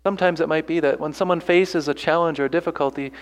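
Man, pastor, sermon, earnest, rhetorical questions, fairly high voice, long reverb. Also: fairly even intonation, quick pace. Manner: earnest preaching with rhetorical questions and repeated phrases.

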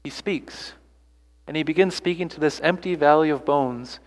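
A pastor with a voice on the high side preaches earnestly at a moderate pace, pressing his listeners with rhetorical questions and repeated phrases. A long reverb tail trails his words.

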